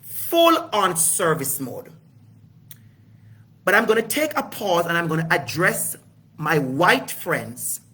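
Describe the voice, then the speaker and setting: This educator runs his own video series, and here the middle-aged man speaks to camera with preachy passion, cursing freely and saying lines again for emphasis. He has a high, fairly bright voice with a breathy edge.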